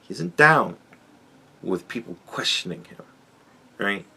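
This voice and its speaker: A man's voice: fairly low pitch, animated, slow pace, creaky, pushed and bright, breathy edge. A man hosting a podcast, giving a sardonic, profanity-laced commentary monologue and chuckling often. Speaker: podcast host.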